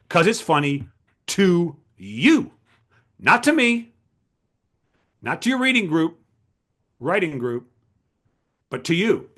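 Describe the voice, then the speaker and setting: Animated high-voiced male speaker. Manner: animated, emphatic, rhetorical questions. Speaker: writing coach giving a talk. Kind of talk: lecture to a writers' group.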